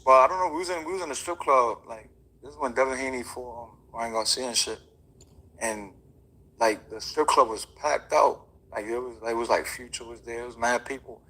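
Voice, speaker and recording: Boxer guy chatting loose and slangy, bright tense voice, bit husky. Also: medium pitch, a little fast, low-quality recording. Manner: rambling, slangy, many fillers and restarts. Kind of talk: casual interview chat.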